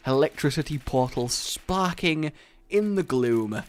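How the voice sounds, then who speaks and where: A man giving casual, excitable commentary over gameplay, breaking into loud delighted exclamations. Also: mid-range voice, moderate pace, no echo. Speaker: gaming YouTuber.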